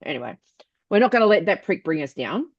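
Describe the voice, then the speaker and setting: An outspoken Australian woman from New South Wales co-hosts a chatty podcast, swearing freely and talking bluntly. Her voice sits fairly low. The sound is dry and a little dull, like a lo-fi home recording. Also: big pitch swings, fast, no room sound. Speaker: podcast co-host. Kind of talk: casual chat.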